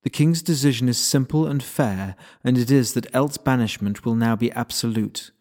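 A man voicing a stern female magician who speaks in a cool, measured and commanding way. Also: mid-range voice, darkish tone, lightly acted.

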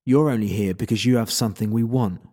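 A man's voice: on the low side, fast, darkish tone, close to an everyday voice. A man voicing a menacing male interrogator who threatens his captive. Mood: threatening.

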